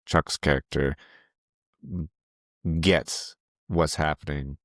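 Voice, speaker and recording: A man co-hosting a film podcast in casual chat, halting and restarting mid-sentence, laughing at himself. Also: rumbling low, steady tone, a bit bright, dry recording, clean studio sound. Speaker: podcast co-host.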